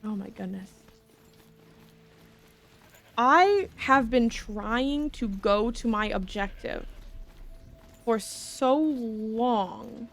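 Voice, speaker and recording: A young woman streamer chatters through her gameplay in a fairly high voice, talking dramatically to herself and to the game. She sometimes stumbles as she reads on-screen text aloud. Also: expressive, extremely slow, long pauses, dry recording, faint music behind. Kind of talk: live game commentary.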